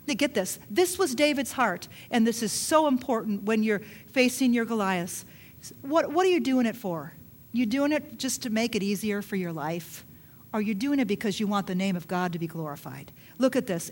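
A woman's voice: on the high side, animated, normal speed. A woman pastor preaching a sermon, emphatic, with repeated rhetorical questions.

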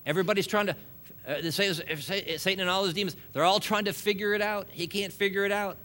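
A man's voice: high-pitched, steady tone, quick pace, sharp tone. A man preaching a sermon, joking and laughing between points and building emphasis as he goes.

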